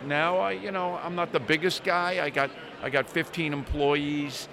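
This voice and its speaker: A man's voice: a little high, fairly even intonation, normal speed, creaky, pushed and bright. A man in his sixties, a small business owner, chatting casually and telling anecdotes, swearing now and then. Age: 60s. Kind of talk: casual storytelling chat. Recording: outdoor crowd chatter behind.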